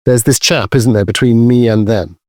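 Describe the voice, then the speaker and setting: A man playing a tabletop game, talking in a rambling, halting, self-deprecating way. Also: mid-range voice, dark tone, no room sound, studio quality. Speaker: player. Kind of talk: casual tabletop role-play.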